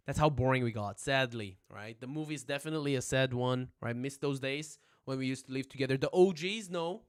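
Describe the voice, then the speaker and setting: A young man with a medium-pitched, animated voice talks fairly quickly with a clean tone while teaching casually on a livestream from home, recorded on a phone. He jokes, rambles, curses, and says "right?" a lot.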